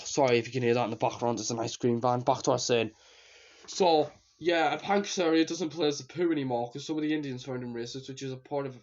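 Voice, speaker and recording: A man giving a casual spoken review of a cartoon series, rambling and repeating himself as he trails off into fillers. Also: medium pitch. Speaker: TV show reviewer. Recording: slightly dull lo-fi recording.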